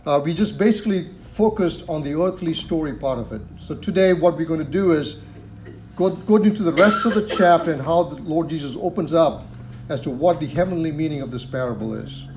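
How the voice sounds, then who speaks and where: A man's voice: fairly high pitch, a little mellow, slight background noise. A man teaching a sermon, reading scripture aloud and explaining it, who repeats phrases for emphasis and asks rhetorical questions. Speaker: preacher.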